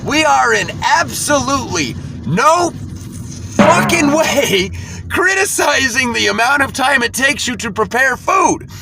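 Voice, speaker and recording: A man with a fairly high voice that swings widely, narrating his delivery shifts as a casual vlog. He talks in a hyped, jokey, storytelling way. Steady road noise from the car comes through clearly behind him. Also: moderate pace, few pauses. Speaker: delivery driver vlogger. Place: inside a car.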